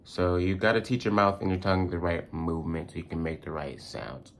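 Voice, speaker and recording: Deep-voiced young American man vlogging. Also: fairly even intonation, fairly quick. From United States. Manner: casual, rambling, many fillers and restarts. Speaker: language-learning YouTuber. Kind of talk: casual vlog tips.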